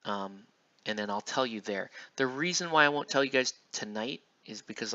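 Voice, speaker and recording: A man's voice: medium pitch, lively intonation, moderate pace, pushed and bright. A man casually chatting and rambling while he paints miniatures on a live stream, with loose slangy talk. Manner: laid-back, rambling, slangy. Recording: dull lo-fi stream audio.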